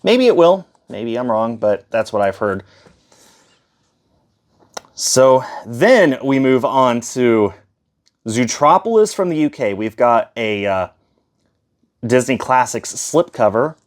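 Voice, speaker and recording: A man's voice: mid-range voice, animated, slow pace, pauses often. A man giving a casual, chatty tour of his disc collection, with fillers and self-corrections as he goes. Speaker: collector showing his shelf.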